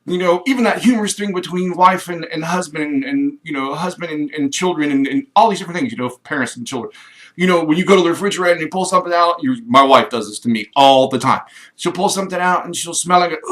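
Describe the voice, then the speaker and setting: A middle-aged man from Kansas in a rambling, enthusiastic direct-to-camera pitch, acting out little quoted voices. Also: a little fast, fairly bright tone. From Kansas, USA. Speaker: home business promoter.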